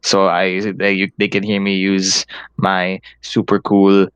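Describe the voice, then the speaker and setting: Low, smooth young Filipino man chatting. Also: monotone, slow, fairly bright tone, dry recording. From Philippines. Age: young adult. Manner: rambling, swears a lot, laughs often. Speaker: podcast co-host. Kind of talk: casual chat.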